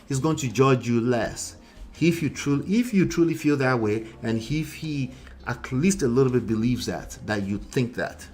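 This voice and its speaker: A man, coaching his listeners on dating. He talks in a loose, chatty way, laughs often, and keeps checking in with "right?" and "okay?". His voice sits at an ordinary pitch for a man. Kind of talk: casual advice monologue.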